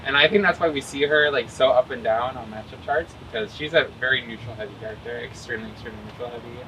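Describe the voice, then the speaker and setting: A man from New Hampshire chats easily in an interview, his voice at an ordinary middle pitch. He laughs often and leans on fillers as he talks. A steady hum of air conditioning and background noise sits under the recording. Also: quick pace, poor audio. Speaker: interview guest, competitive gamer. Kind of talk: casual interview chat.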